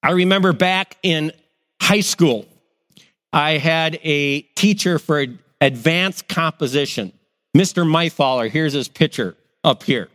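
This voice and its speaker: A middle-aged pastor preaching with a fairly high voice. He is animated and acts out people's reactions as he goes. His voice rings with a long hall reverb. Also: a little slow. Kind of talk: sermon.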